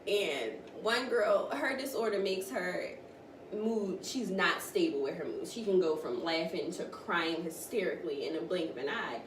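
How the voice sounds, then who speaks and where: A woman co-hosting a casual podcast chat, telling stories in an animated way and often laughing. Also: fairly low pitch, normal speed. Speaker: podcast co-host. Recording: roomy, distant mic, faint noise.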